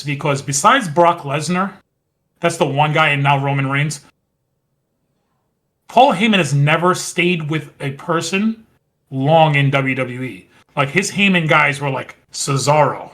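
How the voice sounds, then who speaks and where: A man with a fairly bright, somewhat high voice co-hosts a podcast, casually recapping wrestling. He retells scenes at a rambling pace and quotes lines along the way.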